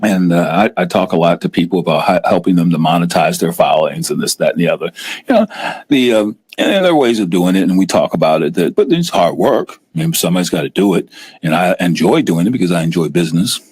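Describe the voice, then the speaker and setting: A middle-aged man hosting a casual live-stream talk show, animated and often acting out scared investors in a raised voice. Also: low-pitched, fast talker, breathy edge. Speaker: host.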